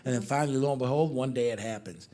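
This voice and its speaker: A middle-aged comedian performs stand-up at a club at a fast clip, his voice at medium pitch. He spins animated stories and trades jokes with the audience.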